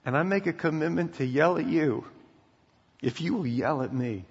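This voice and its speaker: A middle-aged pastor preaching a sermon, emphatic and preacherly, sometimes dropping to a quiet intensity. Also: male voice, a little high, moderate pace, husky. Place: church sanctuary. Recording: dull sound in a reverberant hall.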